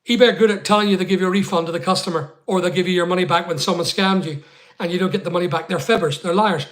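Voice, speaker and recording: A middle-aged man from Scotland chatting live with viewers in a high-pitched voice. He talks bluntly, swears without a second thought and wanders off into asides before coming back to his point. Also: fast talker, a bit bright. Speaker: live stream host. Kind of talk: casual live chat answering viewers.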